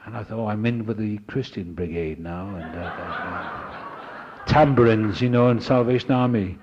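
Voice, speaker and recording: An older man telling a personal recovery story to an audience, animated and acting out the voices of people he met. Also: on the low side, normal speed, muffled recording, noisy background. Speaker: speaker sharing his recovery story.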